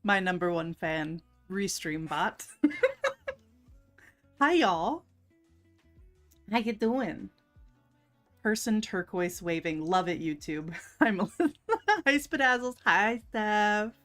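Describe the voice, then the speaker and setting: A woman's voice: medium pitch, lively intonation, slow pace, pauses often, fairly bright tone. A woman hosting a casual livestream, chatty and giggly, greeting her chat by name. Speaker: livestream host. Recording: faint music underneath.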